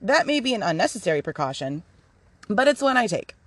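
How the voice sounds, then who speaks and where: A woman's voice: mid-range voice, big pitch swings, fairly quick, no echo. A woman hosting her own podcast in a casual, rambling monologue, candid and swearing freely, with many fillers and restarts. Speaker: podcast host.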